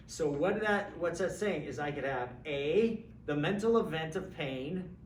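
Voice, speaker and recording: A man teaching an introductory philosophy class in a conversational, lively way, acting out examples and checking in with students. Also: on the high side. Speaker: philosophy lecturer. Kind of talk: classroom lecture. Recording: roomy, distant mic with faint background hum.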